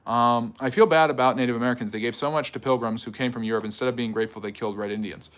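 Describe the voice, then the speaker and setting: A man hosting a livestream history lecture, answering chat questions in a conversational way with fillers and quick rebuttals. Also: medium pitch, steady tone, fairly bright tone.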